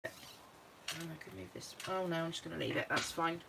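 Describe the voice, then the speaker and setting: A woman's voice: low-pitched, a little fast, gravelly, noisy background. A British woman talking through her scrapbooking as she works, chatting and thinking aloud. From United Kingdom. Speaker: craft vlogger. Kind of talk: casual crafting walkthrough.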